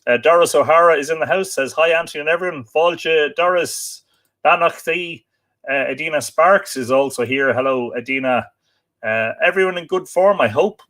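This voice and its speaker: A man's voice: on the high side, normal speed, fairly bright tone. An Irish man hosting a live stream from his home library, reading out viewer comments in a chatty, teasing way with frequent fillers. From Ireland.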